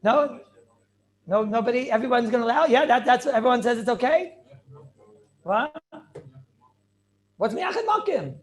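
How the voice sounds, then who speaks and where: A man teaching an animated Torah class over a video call, firing questions and mixing in Hebrew and Yiddish terms. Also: extremely high pitch, normal speed, long pauses. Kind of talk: lively online Torah class.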